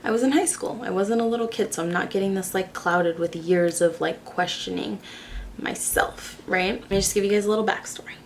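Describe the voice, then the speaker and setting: Young woman, from Arizona, casual makeup-chat storytelling, slight vocal fry, full of "like". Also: medium pitch, a little fast, slight background noise. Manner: chatty, swears freely, fills with "like". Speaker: beauty vlogger.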